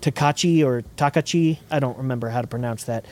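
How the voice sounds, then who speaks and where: Rapid-fire and mellow, the man's mid-range voice shows little pitch movement. He hosts a podcast and chats casually about the technical side of a project he's designing, thinking aloud and restarting frequently.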